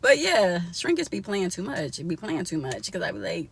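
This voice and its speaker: A woman's voice: on the low side, sing-song, moderate pace, gravelly, few pauses, husky. A young woman vlogging casually from inside a car, chatty and laughing often as she talks to her viewers.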